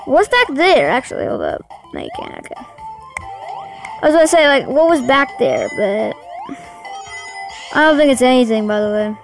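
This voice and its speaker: A woman doing let's-play commentary, excitable and easily frustrated, talking to her viewers as she plays. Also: high-pitched, moderate pace, vocal fry, pauses often, over music, poor audio. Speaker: gaming channel host.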